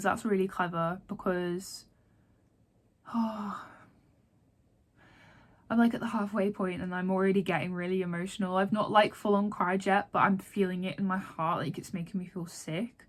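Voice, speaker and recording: Woman chatting about a book she's reading, loads of "like", gets emotional easily. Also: mid-range voice. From Yorkshire, England. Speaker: book vlogger and author. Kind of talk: casual reading update.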